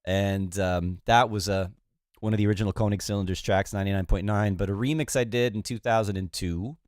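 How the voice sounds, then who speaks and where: A man hosting a music production livestream, congested and low on energy, talking in a relaxed, rambling way with many fillers. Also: a little fast, dry recording, clean studio sound. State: congested, recovering from illness. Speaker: livestream host. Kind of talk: casual livestream chat.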